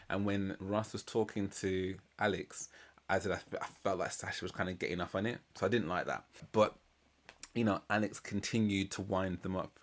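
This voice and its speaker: A man's voice: low-pitched, steady tone, moderate pace. A man giving casual, slangy reaction commentary on a reality show, retelling scenes with laughs. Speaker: reaction channel host.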